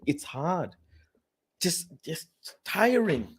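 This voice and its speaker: A man hosting a casual football talk channel, speaking in an animated, repetitive way and growing loud when he gets heated. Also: on the high side, normal speed.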